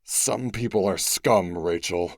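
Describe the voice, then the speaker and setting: A man's voice: low-pitched, slow, dry recording, studio quality, exaggerated voice. A man voicing a teenage boy who talks in a cool, sardonic way, in a solo-acted audiobook. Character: Marco, wisecracking teenage boy.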